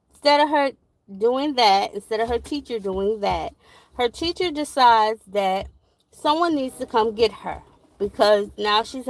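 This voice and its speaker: Slow-talking woman, higher voice. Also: dry recording, low-quality recording. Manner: rambling, animated retelling with many fillers. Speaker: parent vlogger. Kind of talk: casual storytime vlog.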